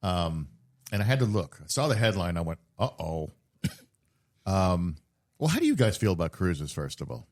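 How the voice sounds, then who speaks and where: A man's voice: deep voice, big pitch swings, moderate pace. A middle-aged man hosting a podcast, telling wry, rambling stories in casual chat with plenty of fillers. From South Florida. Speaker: podcast host.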